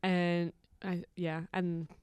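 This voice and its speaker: Woman, young adult, from Philadelphia, smooth voice, laid-back, laughs a lot. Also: little pitch movement, extremely slow, a little mellow. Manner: low-key, laughs often, trailing off. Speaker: stand-up comedian guest. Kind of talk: casual podcast chat.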